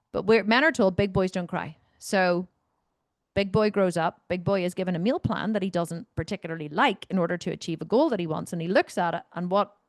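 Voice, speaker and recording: A woman's voice: lowish voice, dry recording, studio quality. A woman coach, talking bluntly and animatedly to members, swearing now and then and wandering off on tangents. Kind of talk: Q&A talk to members.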